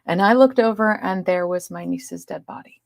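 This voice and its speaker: A woman speaking as a podcast guest, telling a personal story in an earnest way, swinging between loud emphasis and hushed asides. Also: fairly low pitch, normal speed, gravelly, no room sound, studio quality.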